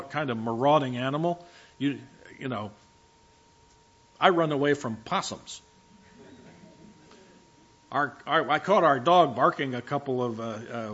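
A man's voice: mid-range voice, a bit bright, husky. Joking, chatty man preaching a sermon. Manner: conversational and humorous, with self-deprecating asides; frequent restarts and filler words. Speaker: pastor. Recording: dull lo-fi recording.

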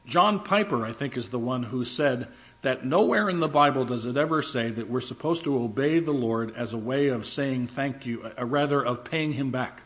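A man's voice: medium pitch, a bit bright. Earnest preacher man, dull lo-fi recording. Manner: earnest, emphatic, repeats phrases for stress; reads scripture slowly and deliberately. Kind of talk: sermon. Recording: dull lo-fi sound.

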